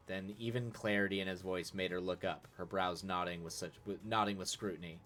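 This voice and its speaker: A man's voice: deep voice, steady tone, brisk, fairly bright tone. A man streaming live, reading a story aloud with casual asides, laughing and correcting his own slips. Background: faint music.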